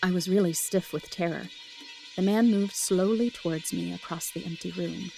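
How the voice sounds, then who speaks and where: A woman host reads a ghost story aloud in a lowish voice, giving the narrator's fear lively expression. She breaks off now and then for a casual aside, with faint music under her. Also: moderate pace, creaky. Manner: expressive, laughs at the text between passages.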